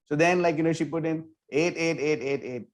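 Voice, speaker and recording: A man with a slightly raised voice speaks in a relaxed interview. He tells his story eagerly and scatters fillers through every sentence. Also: fairly high pitch, brisk. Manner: animated, filler-heavy, with many "like" and "you know". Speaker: temple book distribution leader.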